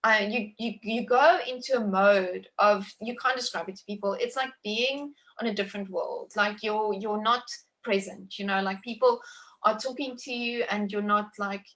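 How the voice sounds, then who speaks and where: A woman in her thirties telling a personal birth story in conversation, emotive and animated, talking with many likes and restarts. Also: medium pitch, moderate pace.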